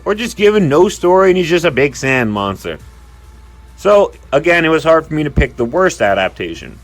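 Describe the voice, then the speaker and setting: Animated, exasperated male commentator. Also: on the high side. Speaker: video commentator. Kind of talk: ranking commentary.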